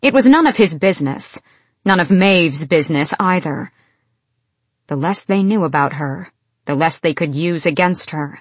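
Woman with a low, dry narrating voice. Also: breathy edge, dry recording. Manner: measured, expressive storytelling. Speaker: audiobook narrator. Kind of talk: scripted fantasy narration.

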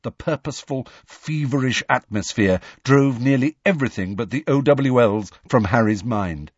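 A man narrating an audiobook in a measured, expressive storytelling manner. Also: on the low side, slightly rough, no room sound, muffled recording. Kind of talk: scripted narration.

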